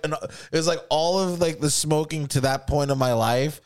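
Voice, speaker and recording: A young man co-hosting a casual podcast, telling stories in a lively way and swearing freely. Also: a little high, moderate pace. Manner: profane, animated storytelling. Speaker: podcast co-host. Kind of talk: casual chat.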